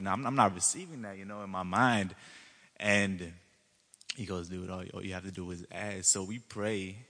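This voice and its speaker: A young man giving a church testimony, an animated storyteller who acts out his own excitement. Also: lowish voice, long reverb tail.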